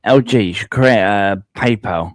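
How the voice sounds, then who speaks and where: A man's voice: on the low side, unhurried, no echo. Man cracking crude jokes. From United Kingdom. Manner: blunt, crude joking. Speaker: chat guest. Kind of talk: casual live chat.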